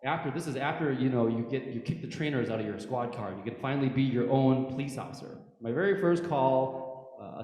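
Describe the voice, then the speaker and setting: A man in his thirties, a prosecutor and former police officer, telling animated stories to a church audience and often asking "right?". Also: mid-range voice. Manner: animated storyteller, repeats himself, rhetorical "right?". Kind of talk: storytelling talk to a church audience. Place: church hall. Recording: echoey church hall with long reverb.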